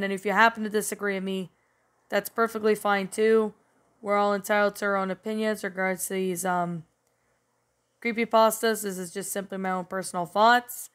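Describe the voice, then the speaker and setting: A woman's voice: mid-range voice, a bit bright, clear, resonant tone. Woman, channel host, casual rambling review, slightly sick-sounding voice, lots of "you know". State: voice rough, sounding a bit sick. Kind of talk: casual spoken story review.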